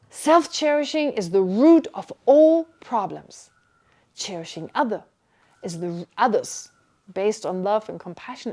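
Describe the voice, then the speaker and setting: Woman teaching buddhism to a class, slightly high voice, lively and jokey, keeps asking right?. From Germany. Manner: lively, joking, asks the class rhetorical questions. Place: meditation centre teaching hall.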